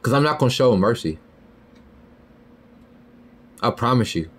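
A man in the middle of a ranting podcast monologue, his pitch leaping around in lively swings. He talks heated and profane, jumping up into loud high outbursts and then dropping low and muttering. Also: unhurried. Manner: heated, profane, repeats "you feel me" and "bro". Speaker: podcast host.

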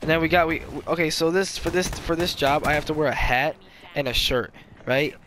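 Young male gamer, slightly higher voice, rambling casual commentary with trash talk, faint hiss behind. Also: brisk, a bit bright. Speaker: gaming YouTuber.

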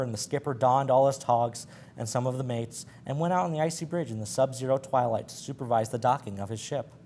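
Man reading yarns aloud, stumbles, chuckles, mid-pitched, faint hiss. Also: a little mellow. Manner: stumbling, laughing at his slips. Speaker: library program presenter.

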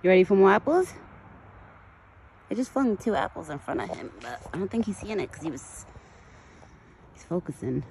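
A woman talking casually to her phone camera outdoors while feeding a wild deer, switching to a high soothing coaxing tone for the animal. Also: very animated, brisk, gravelly, crowd noise. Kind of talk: casual outdoor vlog narration.

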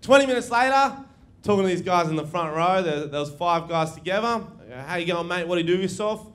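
A man's voice: high-pitched, lively intonation, quick pace, a bit bright. A young man doing a stand-up comedy set, brash and swearing, laughing at his own jokes. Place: live comedy venue with audience.

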